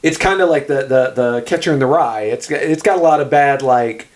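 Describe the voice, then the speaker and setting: A man co-hosting a podcast, chatting casually about a movie, agreeing often and acting out lines from the film. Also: mid-range voice. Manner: chatty, quick to agree, acts out characters' lines. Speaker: podcast co-host.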